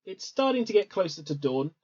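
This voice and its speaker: A game master narrating a tabletop game in an easygoing way, with many pauses and ums. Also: mid-range voice, sing-song, a little mellow. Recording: dull lo-fi recording.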